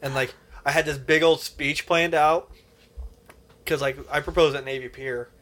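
A man's voice: a little high, steady tone, normal speed, a bit bright. A young man co-hosting a podcast, chatting casually in an earnest, rambling way full of fillers. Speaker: podcast co-host. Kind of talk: casual chat.

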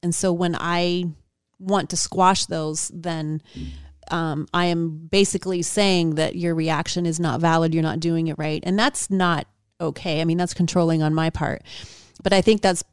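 A woman co-hosting a talk show, chatting in a calm, reflective way with many fillers. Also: lowish voice, unhurried, clean tone, no echo, studio quality. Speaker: co-host. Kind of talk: casual reflective chat.

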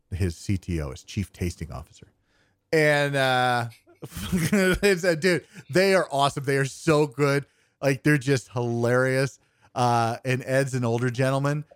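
A man's voice: mid-range voice, no echo, studio quality. A young man co-hosting a podcast, telling a long, rambling story in casual chat and acting out the people in it with self-deprecating humor. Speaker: podcast co-host.

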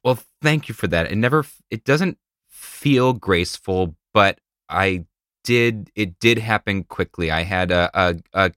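A man's voice: low-pitched, animated, unhurried, fairly bright tone, clean tone, dry recording, studio quality. A man hosting a podcast, chatting casually and telling stories with playful asides. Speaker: podcast host. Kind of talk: casual conversation. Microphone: studio mic in a treated home studio.

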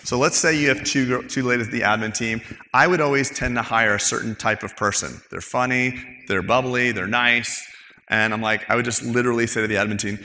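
Man, practice owner on a panel; bright, animated, mimics coworkers; hall reverb. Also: mid-range voice, brisk. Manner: animated storytelling, acts out coworkers' quotes. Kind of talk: casual panel talk.

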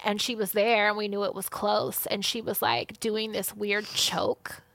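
A woman's voice: mid-range voice, little pitch movement, measured pace, gravelly, fairly bright tone, dry recording. A woman co-hosting a podcast, chatting candidly and swearing freely. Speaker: podcast co-host. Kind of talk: casual chat.

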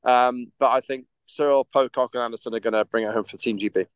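A man's voice: mid-range voice, steady tone, quick pace, clean tone, no room sound. A man co-hosting a casual podcast chat, rambling and hesitant with lots of restarts. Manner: rambling, hesitant, full of ums and restarts, laughs easily. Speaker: podcast co-host.

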